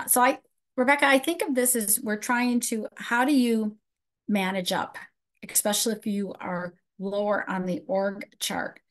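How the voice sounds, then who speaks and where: Woman presenter answering webinar questions. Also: mid-range voice. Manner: conversational, answers questions from the chat. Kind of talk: live webinar Q&A.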